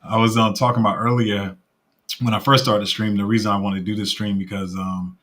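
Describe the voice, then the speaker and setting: Low-voiced man hosting a casual livestream. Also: little pitch movement, a little fast, fairly bright tone. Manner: rambling, emotional, laughs easily. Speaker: crypto livestream host.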